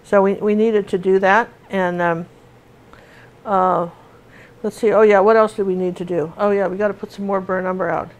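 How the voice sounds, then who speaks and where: A middle-aged woman teaches painting in a casual, rambling way, full of fillers and restarts as she chats through the tutorial. Her voice is mid-range with a steady tone at normal speed.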